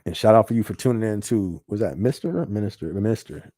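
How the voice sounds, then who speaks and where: A man's voice: fairly low pitch, expressive, fast, mellow, no echo. A man hosting a casual livestream podcast from his home studio office, slangy and encouraging, laughing often.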